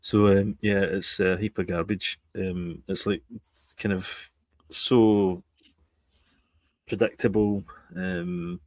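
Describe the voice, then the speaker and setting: Low-voiced rambling British man. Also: flat delivery, slow, long pauses, dry recording. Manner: rambling, reads viewer comments aloud. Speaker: show co-host. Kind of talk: casual chat.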